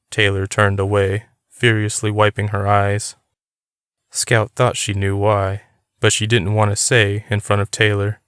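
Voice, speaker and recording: A man reads an audiobook in a steady, unhurried way. His voice sits low and sounds smooth and clear. The recording is close and dry, with no room around it. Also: no room sound. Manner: steady, even reading. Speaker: audiobook reader. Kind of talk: audiobook narration.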